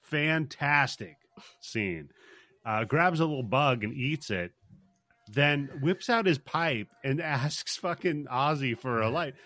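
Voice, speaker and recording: A man's voice: medium pitch, animated, takes it slowly, sharp tone, no echo. Dry-sounding, wisecracking man, casually profane. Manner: laid-back, profane, wisecracking. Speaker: podcast co-host. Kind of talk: casual chat recapping a movie.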